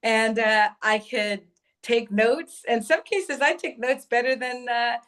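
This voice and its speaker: A woman appearing as a guest author in an interview, speaking in a thoughtful, explanatory way with "uh" pauses. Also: fairly high pitch, fairly even intonation, fairly bright tone. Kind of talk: interview conversation.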